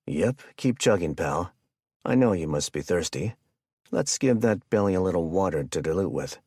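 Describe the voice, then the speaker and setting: A man's voice: deep voice, expressive, moderate pace, warm tone, husky, no echo, studio quality, exaggerated voice. A man playing a jovial, sadistic male hitman who chats and jokes while he menaces his captive. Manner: chatty, joking, casually menacing.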